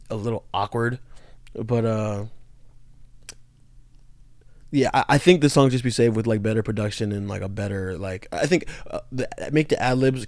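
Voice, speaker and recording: A man's voice: medium pitch, darkish tone, no room sound, studio quality. A tired young man casually breaking down songs, rambling loosely with lots of fillers and restarts. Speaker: music commentator.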